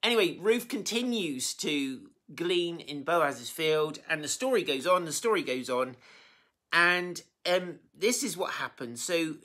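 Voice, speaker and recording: A preacher giving an informal sermon, retelling a Bible story in a chatty, animated way with many fillers and self-corrections, and plainly moved by it. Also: mid-range voice, measured pace.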